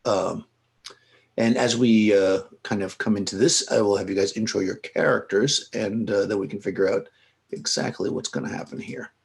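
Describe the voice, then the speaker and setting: Male game master, low gravelly voice, a bit husky, unhurried with lots of fillers. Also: fairly even intonation. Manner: unhurried, with many fillers and self-corrections. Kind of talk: narrating a tabletop game.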